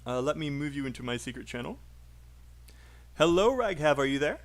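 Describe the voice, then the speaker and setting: A man's voice: a little high, very animated, a little fast. Encouraging British male English teacher. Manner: encouraging, coaching, filler-heavy. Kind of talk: online speaking class over voice chat.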